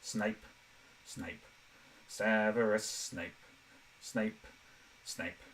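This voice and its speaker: A sneering male wizard professor drawls each word out in a low, unhurried voice, as a man puts him on. He is dry and disdainful, like a cartoon puppet villain. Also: steady tone, a bit bright, a little hiss or hum, poor audio. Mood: drawling.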